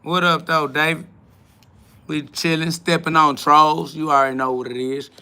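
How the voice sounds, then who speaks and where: Man, livestream host, blunt, profane, confrontational, bright forceful voice. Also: on the high side, level tone, moderate pace, clear, resonant tone. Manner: blunt, confrontational, profane, swinging between loud and mumbled. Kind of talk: casual livestream rant to chat.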